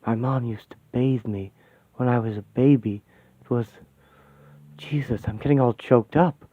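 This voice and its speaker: A man reads this as a blunt, folksy woman who swears easily, grieving and adrift after her death. The voice sits mid-pitch and comes through a dry, tinny, phone-like recording, like a fan-made radio play. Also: moderate pace, no room sound, close to an everyday voice. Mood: wistful. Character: brash grieving middle-aged woman, dead and adrift.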